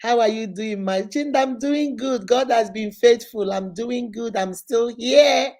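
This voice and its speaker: A woman's voice: fairly high pitch, normal speed, darkish tone. A middle-aged woman with a Nigerian accent hosts a live stream, greeting viewers by name in an exuberant, preachy way.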